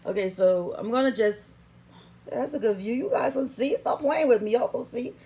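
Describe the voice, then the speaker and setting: A woman's voice: fairly high pitch, moderate pace, warm tone. A woman talking through a how-to vlog in a playful, sassy, chatty way, recording herself at home on a camera stand. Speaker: vlogger.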